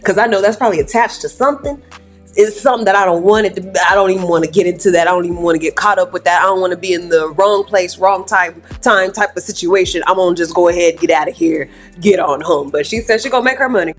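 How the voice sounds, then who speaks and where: A woman's voice: lowish voice, quick pace, soft background music. A woman reacting to a storytime clip, joking and talking straight to her viewers. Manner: playful, talks straight to viewers. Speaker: reaction host.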